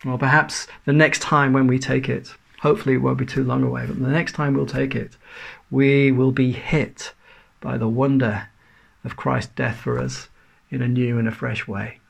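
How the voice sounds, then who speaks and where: A man delivers a sermon in an earnest preaching style, building his points through rhetorical questions. His voice has a noticeable gravelly edge, sitting at an ordinary middle pitch for a man. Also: little pitch movement, moderate pace. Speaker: pastor.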